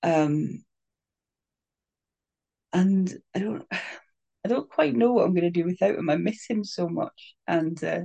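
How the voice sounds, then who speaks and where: Gravelly voice, mid pitch, soft-spoken, halting, many fillers, candid personal talk. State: crying. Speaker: speaker sharing a personal story.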